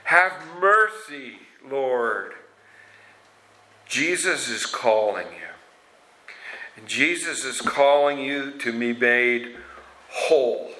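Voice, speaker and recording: A man's voice: medium pitch, sharp tone, low-quality recording. A man preaching a sermon, retelling scripture stories in an earnest way with casual asides. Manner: slow, earnest storytelling with asides.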